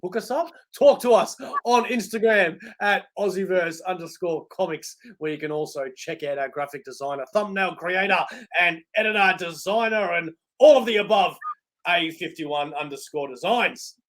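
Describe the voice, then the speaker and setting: A man's voice: high-pitched, normal speed, a bit bright. An Australian man hosting a podcast, making playful, showman-like introductions in casual chat. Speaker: podcast host.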